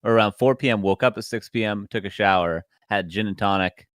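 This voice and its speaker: Man, stream co-host, deadpan rambling humor, lowish voice, dry close sound. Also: fairly quick, no room sound. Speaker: esports co-host. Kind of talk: casual chat on a stream.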